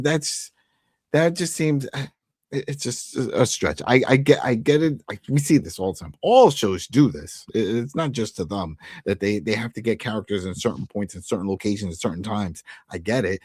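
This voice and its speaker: A man co-hosting a casual TV recap, his pitch swinging widely as he jokes and acts out the characters' lines. The sound is dry and close to the mic. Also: lively intonation, normal speed, darkish tone, slightly rough, dry recording. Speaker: podcast co-host.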